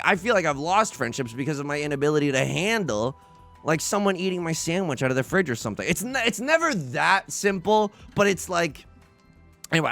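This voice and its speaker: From his bedroom, a man hosts a let's play, offering casual gaming commentary that's chatty and self-deprecating, and he often talks back to himself. His voice sits a little high, with some creak and a bit of brightness.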